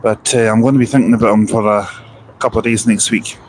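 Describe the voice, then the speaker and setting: A man's voice: on the low side, steady tone, fast, slight background noise. Chatty man streaming outdoors. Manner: chatty, rambling, reads out viewer comments. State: sore throat with a cough. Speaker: live streamer. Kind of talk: casual live-stream chat. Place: outdoors overlooking a bus station.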